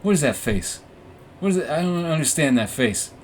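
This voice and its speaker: A man's voice: on the high side, lively intonation, normal speed, slight background noise. A young man hosting a casual podcast, telling a long personal story in a rambling, profane, self-mocking way, full of restarts and fillers. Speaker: podcast host. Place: room with warm orange lighting.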